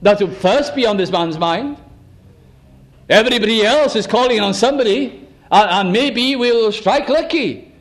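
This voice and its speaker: Male preacher, high-pitched, earnest, asks pointed questions and sinks to a hush. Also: expressive, normal speed. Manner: earnest, probing rhetorical questions, drops to a hush. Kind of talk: sermon.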